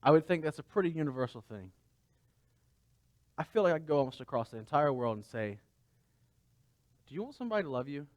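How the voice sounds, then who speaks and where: A man's voice: a little high, animated, fast, long pauses, no echo. A man pastor giving a conversational sermon, asking the congregation rhetorical questions.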